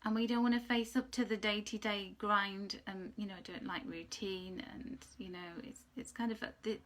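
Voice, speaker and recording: A woman giving a chatty, rambling angel card reading, sometimes dropping into soft whispered asides. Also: mid-range voice, steady tone, moderate pace. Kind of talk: casual spiritual card reading.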